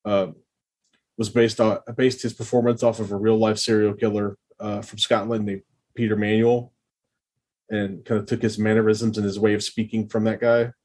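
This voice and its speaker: A man co-hosting a film podcast with a lowish, husky voice, casually passing on background trivia. He pauses now and then with small fillers as he explains. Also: level tone, a little mellow. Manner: informative, shares trivia with some hesitation. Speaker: podcast co-host.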